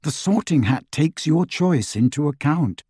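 A man voicing a calm adult father who speaks softly and reassuringly to his young son. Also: fairly high pitch, unhurried, husky, dry recording, clean studio sound, pitched above the performer's own voice. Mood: tender. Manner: soft, quiet, reassuring.

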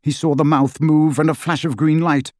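A man narrating an audiobook in a measured, dramatic reading. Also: on the high side, flat delivery, darkish tone, no room sound, clean studio sound. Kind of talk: scripted narration.

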